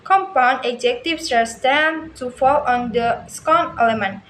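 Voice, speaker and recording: Slow high-voiced woman reading a lesson. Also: fairly bright tone. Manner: slow careful reading with frequent stumbles and restarts. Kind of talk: reading a lesson text aloud. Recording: echoey room with faint ambient noise.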